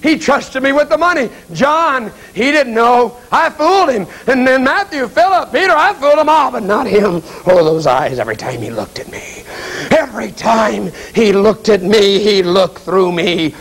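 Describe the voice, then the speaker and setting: Man acting a damned traitor in hell, husky voice, anguished, hushed then shouting. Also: high-pitched, unhurried, hardly any pauses, full character voice. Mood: brooding confession. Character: tormented damned male traitor in hell, guilt-ridden.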